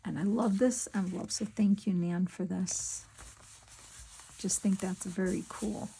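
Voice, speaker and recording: A middle-aged woman chatting casually to her viewers while she works on a craft project, talking to herself in soft asides. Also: mid-range voice, fairly even intonation, a little slow, vocal fry, breathy edge, poor audio. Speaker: crafting vlogger.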